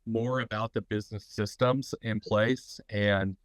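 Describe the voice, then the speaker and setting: A man with a fairly low, stuffy, congested voice, hosting a live online business talk. He rambles through his points, leaning on fillers and restarting his sentences. The recording is dry and close. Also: fairly even intonation, measured pace, no echo, poor audio. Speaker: host of a tattoo business talk.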